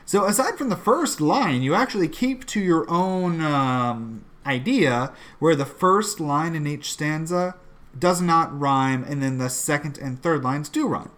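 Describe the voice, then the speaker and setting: A man hosting a casual podcast, critiquing a poem in an analytical, halting way and chanting out its meter in beats. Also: a little high, lively intonation, a bit bright.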